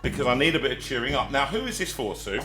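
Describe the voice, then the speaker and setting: A man's voice: medium pitch, quick pace. A man hosting a live music stream, bantering casually and reciting and singing a comic country song over his guitar. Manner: relaxed, jokey banter between songs. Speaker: singer and host of a live home stream. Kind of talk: chatty live performance with sung and recited song.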